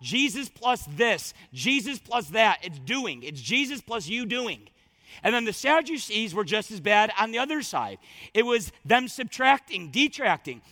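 A man preaching a sermon as pastor, emphatic and repetitive, swinging from loud declarations to hushed words. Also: high voice, big pitch swings, measured pace, no echo.

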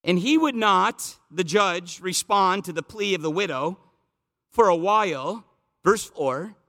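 A man's voice: high-pitched, lively intonation, unhurried, fairly bright tone, in a large hall. A man preaching an expository sermon, explaining the text in a conversational teaching manner and building to emphatic repeated phrases. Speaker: pastor.

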